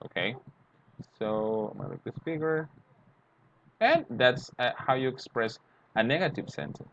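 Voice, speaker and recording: A man's voice: medium pitch, sing-song, moderate pace, long pauses, a bit bright. A man teaching English grammar, explaining step by step and acting out short example dialogues. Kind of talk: grammar lesson. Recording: dull lo-fi sound, faint noise.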